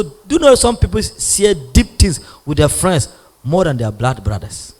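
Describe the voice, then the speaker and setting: A man preaching a sermon, animated, swinging from loud bursts to near whispers. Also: fairly high pitch. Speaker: prophet preaching. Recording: long hall reverb.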